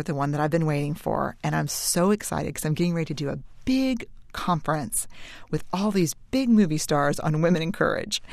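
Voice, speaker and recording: A woman in her forties with a low, gravelly voice shares a candid personal story as a researcher giving a talk. She confides in her listeners, sometimes racing ahead and sometimes slowing to a hush. The recording is dry and close. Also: no room sound. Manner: candid, confiding, shifts between brisk and slow hushed phrases.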